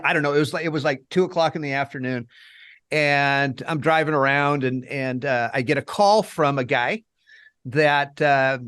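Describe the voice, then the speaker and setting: A man's voice: on the high side, a bit bright, clean tone, no echo, studio quality. A man co-hosting a recovery-group interview, speaking emphatically with stammered starts. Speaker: co-host, founder of recovery group. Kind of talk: casual interview chat.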